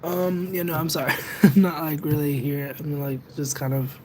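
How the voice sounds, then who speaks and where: A young man chatting casually with viewers on a livestream, rambling and second-guessing himself out loud. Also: fairly high pitch, little pitch movement, moderate pace, slight background noise. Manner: rambling, self-conscious, overthinks aloud. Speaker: livestreamer and tarot reader. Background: music playing in the background.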